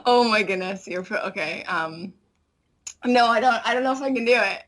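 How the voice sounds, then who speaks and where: A woman's voice: medium pitch, moderate pace, a bit bright. A woman guesting on a podcast, chatting animatedly and laughing easily. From Canada. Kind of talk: casual chat.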